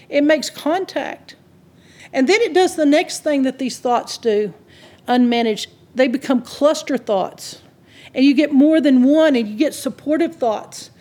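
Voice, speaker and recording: A woman preaching a sermon, driving points home in lists and quick asides. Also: sits high, a little mellow, breathy edge.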